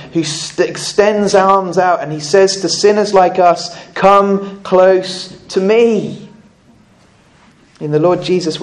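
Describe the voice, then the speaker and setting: Earnest preacher, slightly high voice. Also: male voice, darkish tone. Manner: earnest, repeats words as he goes. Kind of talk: sermon.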